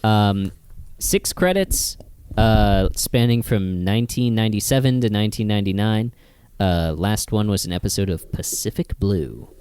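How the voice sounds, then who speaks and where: Man, podcast co-host; low, smooth voice, deadpan recap delivery. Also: normal speed, dry recording. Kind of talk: casual comedic podcast chat.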